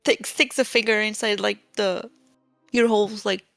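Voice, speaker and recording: A woman's voice: mid-range voice, fairly even intonation, normal speed, gravelly, a bit bright, dry recording, soft background music. A woman player voicing her character at a tabletop game with short squeals and questions.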